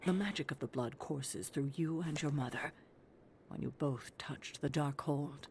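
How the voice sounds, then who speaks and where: An actress playing a wise older mentor, speaking thoughtfully and with care for the hero. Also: female voice, low voice, unhurried, a little hiss or hum. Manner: warm-hearted, thoughtful.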